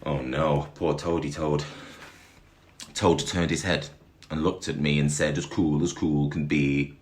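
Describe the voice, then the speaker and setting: A man reading a rhyming story aloud in a dramatic, animated way, chuckling along with it. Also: a bass voice, a little slow.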